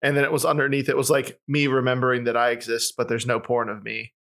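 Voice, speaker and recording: A young man co-hosting a casual podcast, easygoing and quick to laugh along. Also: medium pitch, monotone, creaky, fairly bright tone. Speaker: podcast co-host. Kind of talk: casual chat.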